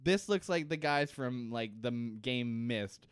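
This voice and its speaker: A man's voice: medium pitch, animated, measured pace, smooth, dry recording. A man co-hosting a podcast in a casual comedic chat, jokey and swearing freely. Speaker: podcast co-host.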